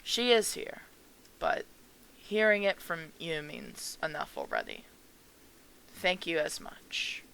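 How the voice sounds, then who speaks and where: A woman voicing a gentle, grieving elderly mother at a funeral, speaking softly and slowly with a tremble, for a game. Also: low-pitched, huge pitch swings, creaky, a little hiss or hum, full character voice, low-quality recording. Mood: tender.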